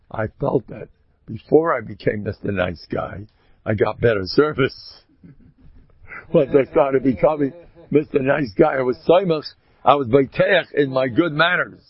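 A man giving a storytelling sermon, talking in an animated way with sudden loud, emphatic rises. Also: medium pitch, husky, dry recording. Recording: dull lo-fi dry recording.

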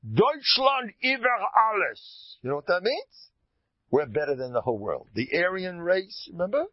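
A man's voice: fairly high pitch, sing-song, brisk, no room sound. A man giving an informal, emphatic Torah talk as a teacher, often repeating phrases for stress. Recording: dull lo-fi dry recording.

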